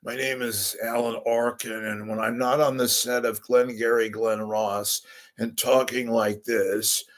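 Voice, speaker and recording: A man doing a slow, flat, drawn-out impression of a famous male actor. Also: medium pitch, natural voice. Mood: deadpan.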